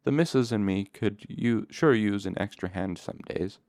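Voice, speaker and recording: A man voicing a kindly older male farmer who talks in gentle, folksy rural phrasing in an audiobook. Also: on the low side, moderate pace, no room sound, natural voice. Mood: gentle, earnest.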